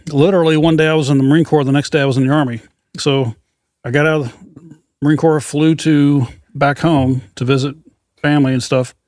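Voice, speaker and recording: A man from Kentucky with a slight Southern accent, a podcast host telling stories in a folksy, animated way. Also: medium pitch, no room sound, clean studio sound. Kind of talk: casual podcast chat.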